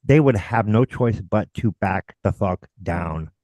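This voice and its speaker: A man's voice: fairly low pitch, animated, a little slow, darkish tone, dry recording. A man hosting a live stream, talking emphatically and with profanity, addressing viewers as folks. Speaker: show host. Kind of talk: heated live-stream talk.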